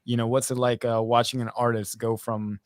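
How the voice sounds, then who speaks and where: A man's voice: mid-range voice, level tone, fairly quick, dry recording. Encouraging male interview host, dry sound. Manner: encouraging, short affirmations. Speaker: show host. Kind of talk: casual interview conversation.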